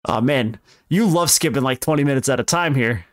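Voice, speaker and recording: Rambling young man recapping with smooth voice. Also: medium pitch, a little fast, dry recording, studio quality. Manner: rambling, self-correcting recap with laughs. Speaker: podcast co-host explaining films. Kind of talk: casual podcast chat.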